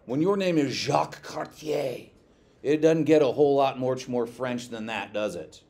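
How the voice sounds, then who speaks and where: A male teacher giving a classroom lecture, lively, quizzing his students and checking in with "okay" often. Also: medium pitch, normal speed.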